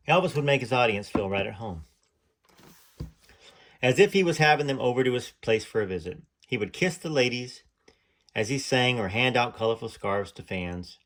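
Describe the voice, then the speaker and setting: A man hosting his own show, reading a story aloud from a book in a steady storytelling delivery. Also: mid-range voice. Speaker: host.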